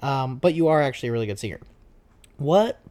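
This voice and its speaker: A man's voice: mid-range voice, expressive, fast, darkish tone. A man, a dad, hosting a casual podcast chat with his child, asking playful, goofy questions. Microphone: podcast microphone.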